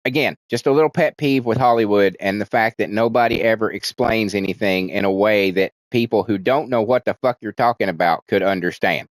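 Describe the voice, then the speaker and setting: A man's voice: lowish voice, brisk, few pauses, no echo. A man casually recapping a movie's plot as a reviewer, rambling and swearing, restarting sentences and acting out characters' lines in livelier voices. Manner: profane, rambling, frequent restarts, animated voices for quotes.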